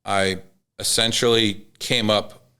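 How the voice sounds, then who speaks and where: Male podcast guest, low smooth voice, emotional storyteller, frequent restarts. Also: little pitch movement, takes it slowly, sharp tone. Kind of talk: casual conversation.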